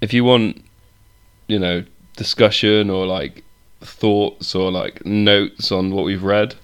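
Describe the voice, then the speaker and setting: Tipsy guy cohosting a podcast, lowish voice, rambly and sweary. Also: steady tone, slow, smooth. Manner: laughing, rambling, swears freely. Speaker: podcast co-host. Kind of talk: irreverent casual chat.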